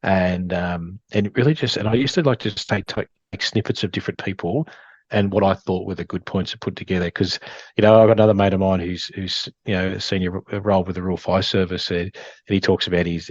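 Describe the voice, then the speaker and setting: A man's voice: deep voice, steady tone, fast, no room sound, muffled recording. A middle-aged Australian man, a former police officer and firefighter, chatting casually as a guest in an interview and saying "mate" a lot. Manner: rambling, says "mate" often.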